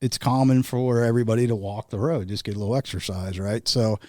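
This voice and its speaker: A man's voice: lowish voice, fast talker, a little mellow, dry recording, clean studio sound. A man guest telling casual anecdotes in a laid-back way, chuckling often. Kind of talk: casual storytelling.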